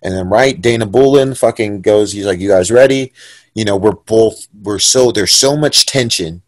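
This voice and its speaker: A young man from San Diego, a podcast guest and fighter, telling a story in a casual, profane, animated way and acting out the voices of the people in it. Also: fairly low pitch, normal speed, no echo.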